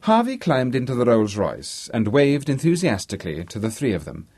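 A man narrates a novel in a measured, expressive way, his pitch moving a lot. His voice is slightly husky. The recording is dry and close. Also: dry recording. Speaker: audiobook reader. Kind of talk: scripted narration.

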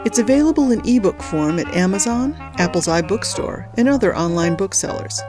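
A woman's voice: mid-range voice, lively intonation, brisk, music in the background. A woman hosting a story podcast, reading narration and adding casual, wry comments.

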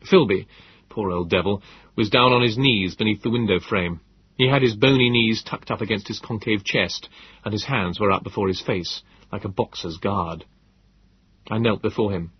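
A man narrating a story in a measured, descriptive way. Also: on the low side, muffled recording, slight background noise. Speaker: audiobook narrator. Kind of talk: scripted narration.

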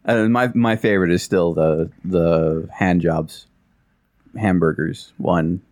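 A man with a very deep voice talking casually as a podcast co-host. He tells his jokes at a measured, deliberate pace. The recording is dry, with no room sound. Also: fairly even intonation, darkish tone, no echo. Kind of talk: casual chat, joke telling.

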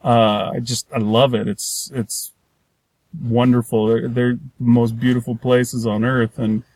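A man's voice: medium pitch, little pitch movement, unhurried, a little mellow, no room sound. A man chatting casually about a film, rambling and restarting his sentences, often acting out the characters' lines. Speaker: podcast co-host. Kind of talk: casual movie review chat.

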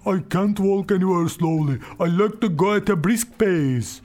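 A man's voice: sits high, expressive, normal speed, few pauses. A man whose first language is Turkish teaches English, repeating example sentences several times and then translating and explaining them.

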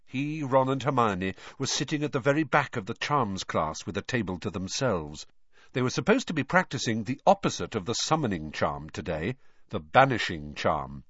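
A man narrating an audiobook in a measured, expressive way, on a dull, dry, lo-fi recording. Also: fairly low pitch, dry recording. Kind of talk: scripted narration.

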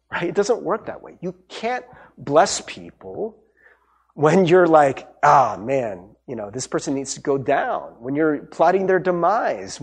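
A man's voice: on the high side, darkish tone, slightly rough. A man preaching a sermon as pastor, talking in a conversational way with frequent restarts, little asides and light humor.

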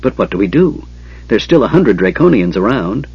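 A man's voice: lowish voice, sing-song, normal speed, husky, lo-fi sound, heavily acted. Man voicing a tense half-elf leader. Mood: urgent.

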